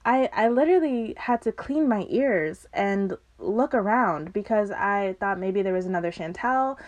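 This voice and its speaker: Young woman chatting on her podcast, animated storyteller, laughs a lot, close mic. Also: medium pitch, measured pace. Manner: animated, laughs often, acts out quotes. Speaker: podcast host. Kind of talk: casual storytelling.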